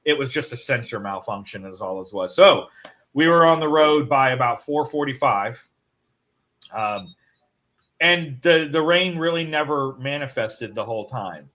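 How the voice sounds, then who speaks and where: A man's voice: medium pitch, lively intonation, unhurried, a bit bright, rough recording. A man co-hosting a casual morning show, telling a long rambling story. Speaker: co-host.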